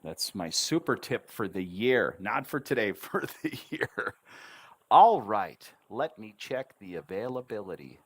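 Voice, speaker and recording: A man's voice: fairly low pitch, sing-song, measured pace, slightly rough. A man teaching English pronunciation on a livestream, repeating words syllable by syllable with encouraging asides. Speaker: English tutor.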